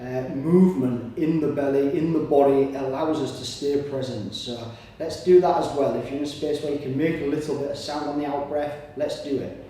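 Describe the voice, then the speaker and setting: Male movement coach, encouraging and steady, recorded far off in a reverberant room with faint background noise. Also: medium pitch, moderate pace. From Britain. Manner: encouraging, breathing audibly between cues. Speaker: somatic exercise instructor. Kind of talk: guided exercise instruction.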